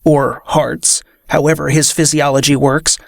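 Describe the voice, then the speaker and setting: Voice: medium pitch, little pitch movement, unhurried, vocal fry, no echo, clean studio sound. A reader voicing an affable, bewildered man who has lost his memory. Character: confused amnesiac man, affable.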